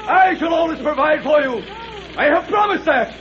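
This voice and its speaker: A man's voice: extremely high pitch, expressive, moderate pace, lo-fi sound, over a noisy crowd. An actor playing a domineering, pompous madman who rules a valley, in 1940s radio acting. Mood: shouting. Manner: pompous, ranting, self-righteous. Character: domineering mad male valley ruler. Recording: scratchy old radio broadcast with hiss.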